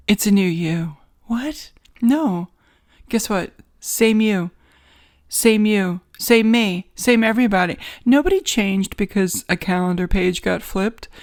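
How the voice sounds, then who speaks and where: A woman with a New York accent hosting a podcast, giving a wry, sarcastic, rambling comedic monologue from a home studio in a guest bedroom. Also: on the high side. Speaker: podcast host.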